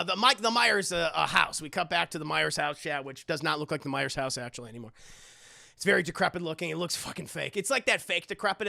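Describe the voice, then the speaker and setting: A man's voice: high-pitched, vocal fry, sharp tone, dry recording, clean studio sound. A man giving a rambling, sarcastic and profane movie recap to his chat. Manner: sarcastic, rambling, swears often.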